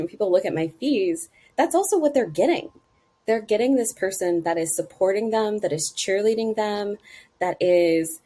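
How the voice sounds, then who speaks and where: A middle-aged woman talking about her consulting work in a casual interview, with an animated way of leaping up in pitch for emphasis. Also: breathy edge. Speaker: guest, marketing consultant.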